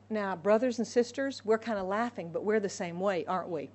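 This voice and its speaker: Woman preaching an animated sermon. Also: medium pitch, moderate pace, few pauses. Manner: animated, acts out dialogue with God and Moses.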